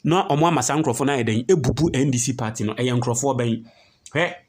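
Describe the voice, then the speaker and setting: A man's voice: medium pitch, fast talker. A man with a Ghanaian accent hosting an emphatic political news commentary and explaining documents he reads aloud.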